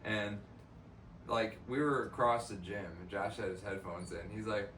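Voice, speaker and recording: A man's voice: on the low side, moderate pace, a bit bright. A young man co-hosting a podcast, rambling through work memories with lots of fillers in casual chat. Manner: loose rambling storyteller, many fillers. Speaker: podcast co-host. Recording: echoey room, distant mic, faint noise.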